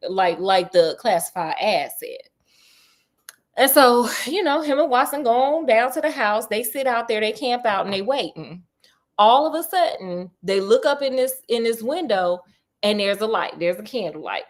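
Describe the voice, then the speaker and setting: A woman's voice: fairly high pitch, lively intonation, moderate pace. Woman storyteller, casual and slangy, retells a detective tale by voicing its characters' lines.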